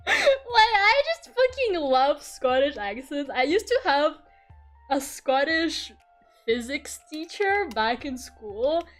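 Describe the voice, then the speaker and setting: A woman's voice: high-pitched, sing-song, slow, faint music behind. A young woman streaming her art, chatting casually and rambling, laughing often and swearing freely. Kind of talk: casual chat while drawing.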